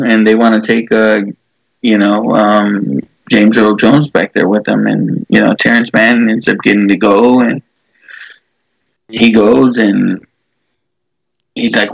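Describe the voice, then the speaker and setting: A man's voice: on the low side, little pitch movement, measured pace, vocal fry, no echo, rough recording. A man casually retelling a movie scene, rambling with many fillers and restarts.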